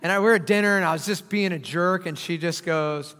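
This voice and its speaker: Male pastor, high bright voice, casual joking sermon delivery, church hall reverb. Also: a little fast, a little hiss or hum. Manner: conversational, joking preacher with dramatic swings in loudness. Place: church auditorium.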